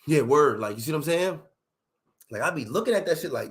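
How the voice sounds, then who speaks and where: High-voiced man ranting emphatically. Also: a little fast. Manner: animated, profane, emphatic. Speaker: livestream host. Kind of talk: profane comedic rant.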